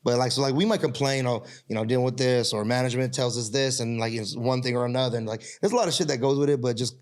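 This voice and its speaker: Brief: man, podcast host, rapid slangy chat, lots of fillers, mid-pitched. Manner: loose, slangy, frequent "like" fillers. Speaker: podcast host and security guard. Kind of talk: casual chat.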